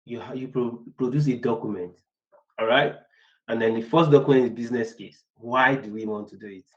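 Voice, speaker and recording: A man's voice: mid-range voice, brisk, muffled recording. A man teaching business analysis in a casual, rambling way. He repeats words and acts out short workplace exchanges. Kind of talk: casual online lecture.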